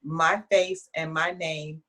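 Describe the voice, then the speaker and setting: A woman with a fairly low-pitched voice, talking as an author in a casual interview. She tells her stories in a chatty, animated way and often starts sentences over. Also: slow. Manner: chatty, animated storyteller with frequent restarts and laughs.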